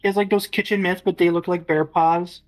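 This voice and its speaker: A woman running a tabletop game as game master, narrating in a halting way with many restarts. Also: on the low side, fairly even intonation, faint music behind, low-quality recording.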